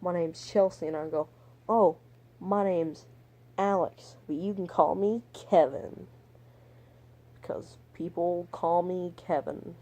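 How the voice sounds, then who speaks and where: A young man tells a story to camera in a loose, meandering vlog style. His voice is soft and mellow, and his talk is crude and full of swearing. He keeps drifting off topic and dropping mumbled, whispered asides. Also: high voice, steady tone, slow pace. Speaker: vlogger. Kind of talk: rambling storytime monologue.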